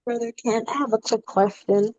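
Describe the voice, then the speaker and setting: Female student, polite and halting, dull dry online audio. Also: a little high, steady tone, darkish tone, no room sound. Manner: polite, hesitant.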